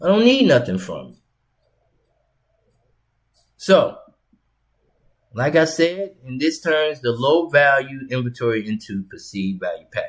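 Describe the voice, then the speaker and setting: A man's voice: medium pitch, big pitch swings, unhurried, long pauses. A man hosting his own show, talking casually and rambling with repeated words and slang. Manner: rambling, repetitive, conversational with slang. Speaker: host. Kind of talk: casual instructional monologue.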